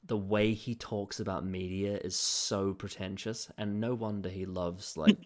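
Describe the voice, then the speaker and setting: A man's voice: on the low side, unhurried. A man co-hosting a podcast, chatting casually and ranting animatedly with swearing and laughter. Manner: animated, swearing, laughs at his own rants. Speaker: podcast co-host. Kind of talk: casual chat.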